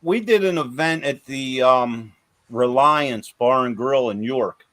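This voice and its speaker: A man's voice: mid-range voice, slow pace, fairly bright tone, dry recording. A man hosting a podcast in casual chat, affirming often and rambling with fillers. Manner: chatty, frequent fillers and affirmations.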